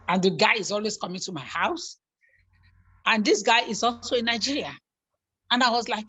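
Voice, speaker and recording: A middle-aged woman telling stories from her family life in an earnest, animated way, repeating herself for emphasis. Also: medium pitch, normal speed, pauses often, slightly rough. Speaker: guest on a talk show. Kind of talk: earnest conversational storytelling.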